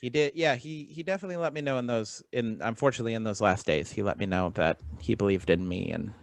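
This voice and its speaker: A man's voice: on the low side, quick pace, creaky, dry recording, low-quality recording. A man in his thirties, a comedian guest, telling stories in a casual interview and acting out the voices in them. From west coast of the US. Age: 30s. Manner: animated storyteller acting out voices.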